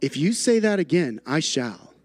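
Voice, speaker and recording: A man's voice: big pitch swings, faint music behind. A man putting on a grave old wizard. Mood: stern. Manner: slow, grave, booming. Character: old wizard, stern and powerful.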